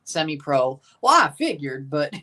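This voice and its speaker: A man's voice: on the high side, big pitch swings, a little slow, bright, forceful tone. A man hosting a live match watchalong, chatting casually, rambling and answering his chat. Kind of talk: casual live reaction commentary.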